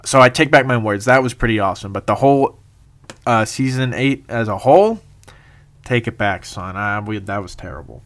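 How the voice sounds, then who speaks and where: A young man with a somewhat low voice tells a story in a loose, rambling way. He laughs often and stops for plenty of "uh"s and "um"s as he goes. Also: moderate pace, a bit bright. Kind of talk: casual storytelling monologue.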